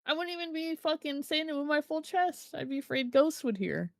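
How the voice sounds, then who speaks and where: A woman's voice: high-pitched, lively intonation, brisk, gravelly, no echo, studio quality. A woman co-hosting a commentary podcast, teasing and wry in casual chat. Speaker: podcast co-host.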